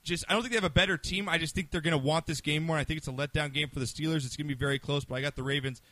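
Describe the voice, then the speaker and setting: A man co-hosting a casual sports talk show, joking loudly and reading sponsor plugs. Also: fairly high pitch, steady tone, rapid-fire, dry recording. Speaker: podcast co-host.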